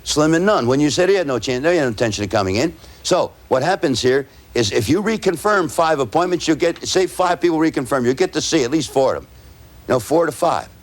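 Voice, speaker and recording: A man lecturing a room of salespeople in a direct, conversational way. He keeps checking in with rhetorical "right?" questions and slows right down to spell words out letter by letter. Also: fairly high pitch, expressive. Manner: tags points with rhetorical "right?". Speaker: sales trainer.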